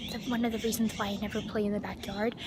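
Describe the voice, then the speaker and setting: A young woman vlogging on her phone in a backyard, excitable and giggly, gasping and sometimes dropping to a whisper. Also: mid-range voice, fast talker. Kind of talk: casual vlog chatter. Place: backyard outdoors. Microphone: handheld phone. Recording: noisy outdoor phone recording. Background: outdoor ambience with animals.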